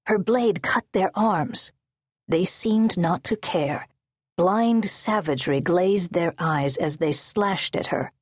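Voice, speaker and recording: A woman narrates an audiobook in measured, steady prose. Her voice sits low and carries a husky, breathy edge. The recording is close and dry, with no room around it. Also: no room sound. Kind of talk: scripted narration. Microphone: close studio mic.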